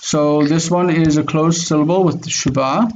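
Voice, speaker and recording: A man teaching a Biblical Hebrew class over a video call, drilling pronunciation slowly and patiently. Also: on the high side, fairly even intonation, a little mellow, slight background noise, low-quality recording. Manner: slow, careful pronunciation drills.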